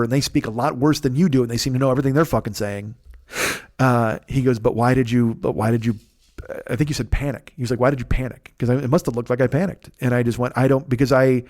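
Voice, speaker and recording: A man in his forties hosting a podcast, telling a story in a rapid, profane way that swings between loud agitation and quiet reflection. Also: medium pitch. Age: 40s. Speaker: podcast host. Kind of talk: casual storytelling monologue.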